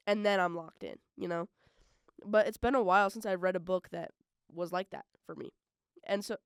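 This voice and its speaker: A young woman hosting a college radio podcast, chatting casually and rambling with lots of fillers, swinging between loud bursts and mumbled asides. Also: mid-range voice, clean tone, no echo, studio quality. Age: young adult. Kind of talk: casual solo podcast chat.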